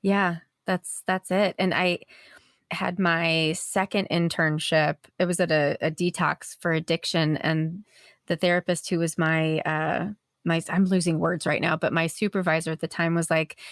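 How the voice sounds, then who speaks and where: A woman's voice: on the low side, fairly even intonation, moderate pace, no echo, studio quality. A woman hosting a podcast, speaking effusively and emotionally, laughing often. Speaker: podcast host, therapist. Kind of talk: warm conversational interview.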